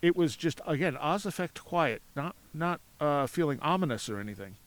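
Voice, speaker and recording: His voice is fairly high and his speed is normal as he spins a casual story as a guest on a podcast, recorded outside in a cemetery. Full of energy, he laughs frequently and performs the voices of the characters in his tales.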